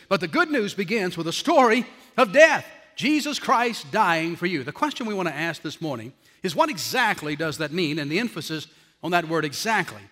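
A man preaching a sermon as pastor to his congregation, emphatic and slowing down hard on his key phrases. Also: on the high side, bright, forceful tone. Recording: long reverb of a large hall.

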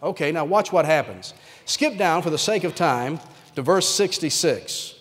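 Male pastor, emphatic storytelling sermon, high voice, echoing church hall. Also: lively intonation, moderate pace, fairly bright tone. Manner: emphatic, dramatic retelling. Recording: reverberant hall sound.

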